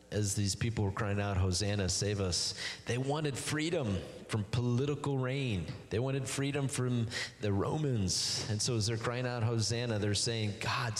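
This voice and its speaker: Pastor, male, lowish voice, emphatic preacher, long church-hall reverb. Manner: emphatic preaching with rhetorical questions. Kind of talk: sermon.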